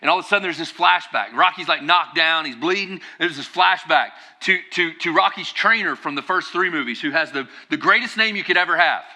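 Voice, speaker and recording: A male pastor delivers a sermon in a relaxed, conversational way. His tone is very bright and ringing, and he lifts into emphatic, driving bursts to make a point. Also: on the high side, fairly quick, few pauses.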